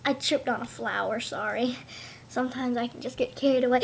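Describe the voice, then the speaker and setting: A woman's voice: fairly high pitch, steady tone, a little fast, gravelly, a little hiss or hum. A woman doing a goofy improvised comedy skit, silly and giggly, rambling through apologies. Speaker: comedy video maker.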